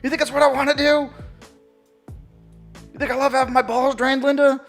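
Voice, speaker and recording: A man's voice: mid-range voice, level tone, moderate pace, soft background music, voice pushed down, lightly acted. A man doing a crude, weary porn-actor husband. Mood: exasperated. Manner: mock-weary, crude, self-pitying. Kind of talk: improvised comic bit on a live stream.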